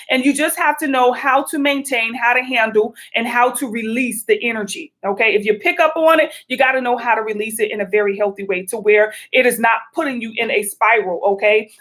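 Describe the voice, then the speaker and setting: A middle-aged woman giving spiritual advice in a chatty, animated livestream talk, calling her viewers y'all. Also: fairly high pitch. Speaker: spiritual vlogger.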